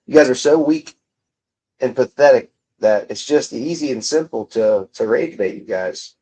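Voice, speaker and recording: Livestreaming from a room at home, a young man with a mid-range, mellow, slightly rough voice reads chat at a moderate pace. He banters with viewers in a casual, profane, mocking way.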